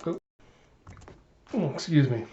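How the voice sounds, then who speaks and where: A man's voice: on the high side, very animated, slow pace, dark tone. A man hosting an anime reaction video, recapping the episode in a casual, chatty way that breaks into giggles. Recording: dull lo-fi audio.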